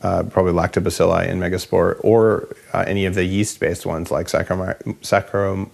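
A man hosting a health interview, talking in a relaxed, rambling, jokey way. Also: low voice, fairly quick, creaky. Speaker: podcast host. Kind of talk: casual interview chat.

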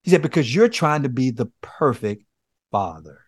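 A man's voice: medium pitch, big pitch swings, moderate pace, breathy edge, no echo. A man speaking as a guest, earnestly telling a personal story and acting out his own pleas. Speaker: podcast guest, men's coach. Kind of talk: conversational testimony.

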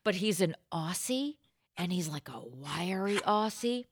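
A woman co-hosting a podcast, telling stories in an excitable, goofy, casual chat. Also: fairly low pitch, a little slow, slight background noise. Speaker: podcast co-host.

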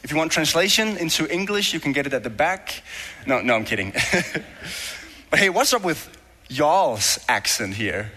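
A man's voice: fairly high pitch, expressive, moderate pace, pushed and bright. A young man from Denmark with a Danish accent, preaching a sermon in a joking, self-deprecating, conversational way. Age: young adult. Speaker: guest preacher. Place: church hall. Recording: long hall reverb.

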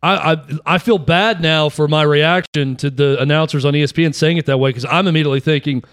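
Slightly high-voiced sports talk host. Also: male voice, fairly even intonation, quick pace, a bit bright, clear, resonant tone, no room sound, clean studio sound.

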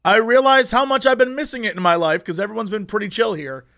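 A man in casual chat, telling an anecdote in an animated way with quick asides and chuckles. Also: sits high, creaky.

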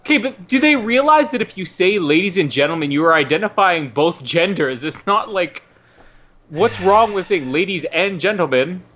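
A man's voice: sits high, expressive, normal speed, a bit bright, dull audio. A man co-hosting a casual film commentary chat, teasing and laughing with his co-host. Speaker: podcast co-host.

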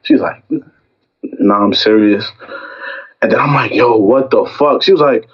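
A young man with a husky voice tells a story in casual chat and acts out every line of the argument. His voice is mid-pitched. The recording sounds dull and lo-fi. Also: a little slow. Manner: animated storytelling, acting out both sides of an argument.

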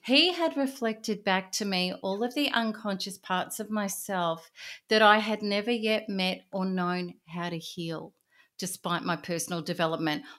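A middle-aged woman, an interview guest, telling her personal story in an earnest, intense way, often dropping to a hushed voice. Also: mid-range voice, fairly even intonation, unhurried.

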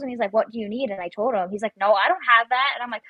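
Chatty young woman, slightly high voice. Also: lively intonation, fast, few pauses, a bit bright, slightly rough, dry recording, rough recording. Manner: chatty storyteller, acts out her own panicked quotes. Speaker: guest, competitive shooter. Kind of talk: casual interview chat.

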